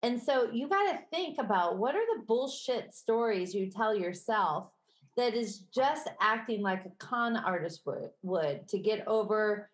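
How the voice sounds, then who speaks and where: A woman with a Midwestern accent co-hosting a podcast in casual chat, conversational and quick to laugh. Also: mid-range voice. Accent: Midwestern American. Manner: conversational, laughs easily, self-correcting. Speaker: podcast co-host. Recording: roomy echo.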